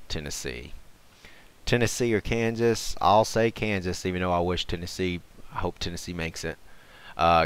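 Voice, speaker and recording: A man with a low, smooth, clean voice talks over a screen recording in a relaxed, thinking-aloud way. He hesitates often, fills gaps with "uh" and "um", and corrects himself as he goes. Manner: unhurried, hesitant, lots of fillers and self-corrections. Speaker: gaming and sports channel host. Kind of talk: casual thinking-aloud commentary.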